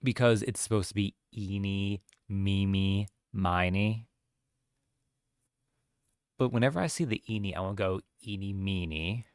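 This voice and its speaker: A man's voice: on the low side, a little slow, no room sound, studio quality. A man casually commenting while playing and reading a game aloud, rambling and self-mocking. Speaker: let's play streamer reading all parts. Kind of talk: casual let's play commentary.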